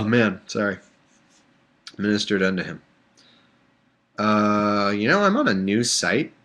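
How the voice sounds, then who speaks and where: A man's voice: on the low side, expressive, takes it slowly, long pauses, fairly bright tone. A man hosting a live stream, reading scripture aloud and breaking off into rambling, jokey asides. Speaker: livestream host. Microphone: computer microphone on a live stream.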